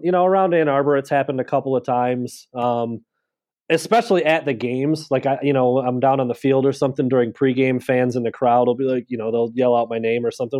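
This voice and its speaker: A man speaking as a podcast guest in casual chat, modest and self-deprecating, with halting restarts. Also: mid-range voice, darkish tone.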